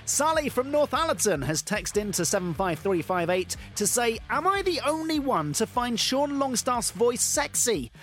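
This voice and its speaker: A man's voice: high-pitched, a bit bright. A man co-hosting a comedic radio breakfast show with a theatrical presenter delivery.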